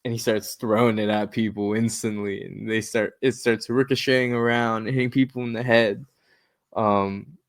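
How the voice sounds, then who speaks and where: A man on a podcast, casually retelling a comic book's plot scene by scene and quoting characters' lines along the way. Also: mid-range voice. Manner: animated retelling with quoted lines. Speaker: podcast co-host.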